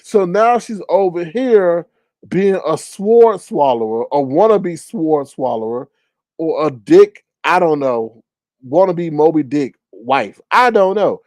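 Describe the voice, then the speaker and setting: A man hosting casual gossip commentary, talking in an animated, incredulous way and swearing freely. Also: fairly high pitch, slow, no room sound. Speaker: commentary channel host.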